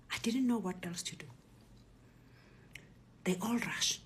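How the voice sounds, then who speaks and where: A middle-aged South African woman, a Zulu speaker, telling a personal story in a lively way and acting out the other voices. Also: mid-range voice, a little slow, long pauses, breathy edge. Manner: animated retelling, acts out voices and shouts.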